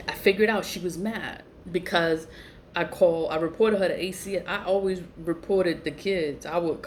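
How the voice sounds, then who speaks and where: A woman, telling her story in a low voice that jumps high whenever she is incredulous. She swears freely and talks bluntly. Faint hiss sits under her voice. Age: 40s. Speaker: vlogger. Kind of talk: casual storytelling to camera.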